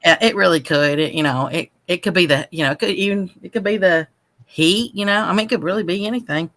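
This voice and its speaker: A woman's voice: lowish voice, quick pace, a bit bright. A woman from Texas calling in to chat, friendly and a little worn out from feeling queasy. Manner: chatty and friendly. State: queasy and tired. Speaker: caller. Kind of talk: casual chat.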